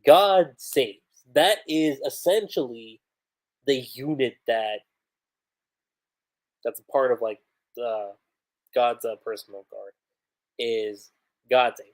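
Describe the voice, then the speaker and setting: A man casually reviewing a comic chapter on a livestream, animated and chatty, with many fillers. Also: mid-range voice, slow pace, pauses often.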